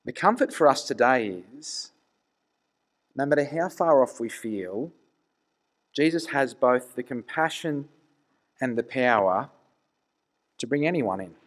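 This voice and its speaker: A man's voice: mid-range voice, expressive, unhurried, pauses often. A man preaching a conversational sermon, earnest and full of rhetorical questions.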